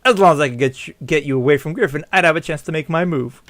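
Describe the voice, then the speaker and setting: A man's voice: on the high side, fast, a bit bright, no room sound. A man voicing a spoiled, bitter young heir who talks in a sneering, defensive way. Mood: scheming.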